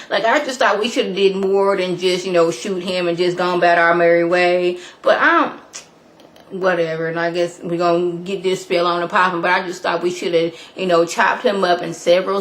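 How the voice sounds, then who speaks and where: A woman's voice: mid-range voice, fairly bright tone. A woman recapping a TV episode in a casual vlog, chatty and full of slang and playful asides. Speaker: TV show reviewer.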